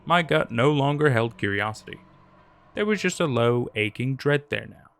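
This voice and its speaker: A man narrating a first-person horror story in a measured, scripted way. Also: mid-range voice, lively intonation, vocal fry, a bit bright. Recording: narration over faint music.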